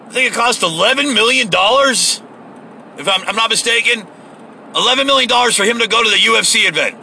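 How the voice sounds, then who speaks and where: A man's voice: high voice, quick pace, sharp tone, a little hiss or hum, rough recording. A man giving a heated, profane, sarcastic political rant, recorded in a car. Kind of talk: ranting political monologue.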